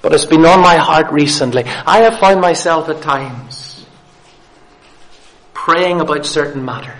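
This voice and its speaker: High-voiced earnest male preacher. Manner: repeats key phrases for emphasis; earnest, questioning the listeners. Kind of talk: sermon.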